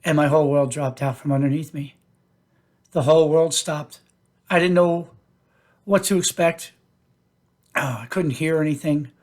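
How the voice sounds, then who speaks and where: A man hosting his own podcast, telling a personal story in a halting way with many fillers and restarts. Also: a little high, steady tone, a little mellow. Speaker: podcast host.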